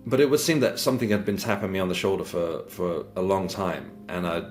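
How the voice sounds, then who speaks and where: A deep-voiced man tells a personal story in an earnest, reflective way. He often stumbles over his words, repeats himself and restarts sentences as he searches for what to say. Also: a little fast, a little mellow, faint music behind. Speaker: guest sharing a spiritual experience.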